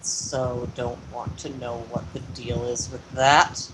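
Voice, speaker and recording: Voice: medium pitch, level tone, slow pace, background noise, voice pushed down, close to an everyday voice. A player playing a sarcastic fox-creature brawler. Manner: sarcastic, crude, exasperated. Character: sarcastic female Zoroark brawler. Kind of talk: tabletop role-play in character.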